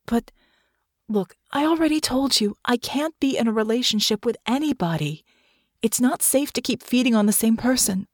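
A woman reading a story aloud, voicing a young woman soldier who hides a secret, sharp and commanding yet tired. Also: fairly high pitch, expressive, moderate pace, dry recording, studio quality, pitched above the performer's own voice. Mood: weary.

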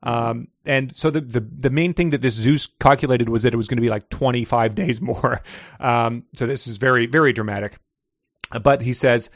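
A man co-hosting a relaxed book podcast, amused and quick to laugh. His voice sits at a middling pitch. It is recorded dry and close, with no room sound. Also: no echo. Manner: laughs often, amused, trails off in restarts. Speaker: podcast co-host. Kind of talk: casual book-discussion chat.

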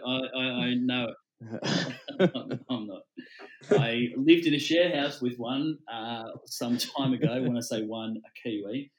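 Halting man in an echoey room. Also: mid-range voice, a bit bright. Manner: halting, self-deprecating, laughs often. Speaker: brewery co-owner guest. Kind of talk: casual podcast chat.

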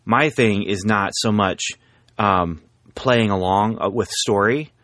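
Careful man with a low dry voice. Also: takes it slowly, a bit bright, no room sound. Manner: careful, hesitant, many fillers and restarts. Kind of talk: casual chat.

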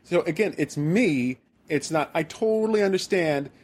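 A man's voice: a little high, moderate pace. A man from the American Midwest hosting a podcast, telling a rambling, self-deprecating story in casual chat. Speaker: podcast host.

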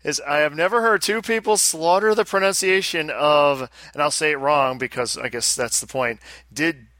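A man hosts a casual podcast and reads listener mail into a headset mic. His voice is fairly high and very bright, recorded dry and close. He jokes and laughs as he goes. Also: moderate pace, dry recording. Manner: animated, laughs often, jokey. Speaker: podcast co-host. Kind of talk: casual podcast chat, reading listener emails.

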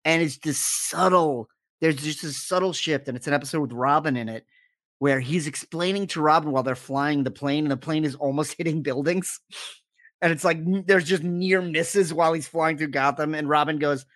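A man in casual podcast chat, an animated storyteller who acts out the lines he quotes. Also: on the high side, moderate pace, dry recording, clean studio sound. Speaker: podcast co-host.

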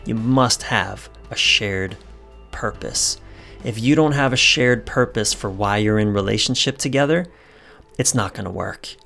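A man's voice: lowish voice, fairly bright tone. A man hosting a solo podcast, speaking earnestly and repeating his key points for emphasis. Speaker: podcast host.

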